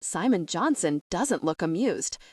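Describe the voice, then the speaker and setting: A woman narrating a first-person novel in an expressive storytelling voice. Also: lowish voice, a little slow, slightly rough, no echo, studio quality, far from the mic. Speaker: audiobook narrator.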